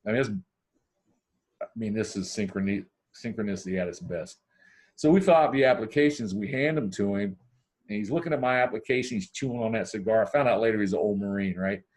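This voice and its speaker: A man from Ohio, a podcast guest telling a long personal story in a casual way, acting out the dialogue with big swings in his voice. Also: fast. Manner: animated, acts out dialogue with big pitch swings.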